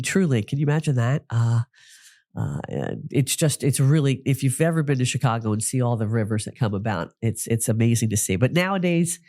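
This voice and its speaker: A man's voice: mid-range voice, darkish tone, dry recording, clean studio sound. A man from New Jersey hosting a podcast, telling stories in a chatty solo talk with frequent restarts. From New Jersey, United States. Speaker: podcast host, psychic medium.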